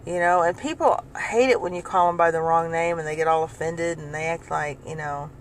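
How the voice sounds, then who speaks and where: A woman's voice: deep voice, fairly even intonation, brisk, slight background noise, poor audio. A woman vlogger talking casually to camera about her own experiences, rambling, restarting often and laughing. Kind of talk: casual personal talk to camera.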